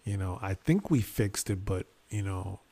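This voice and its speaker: A man on a podcast casually retelling a family mishap, acting out the people he quotes with sharp jumps in pitch. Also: unhurried, gravelly. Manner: animated retelling, acts out quotes with sudden rises in pitch. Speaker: podcast co-host. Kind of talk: casual storytelling chat.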